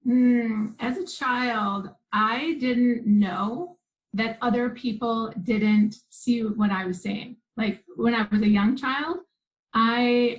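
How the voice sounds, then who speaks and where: A woman's voice: fairly high pitch, low-quality recording. Earnest woman telling a childhood story. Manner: earnest, vivid recounting with restarts. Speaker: guest, spiritual teacher. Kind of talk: personal storytelling in an interview.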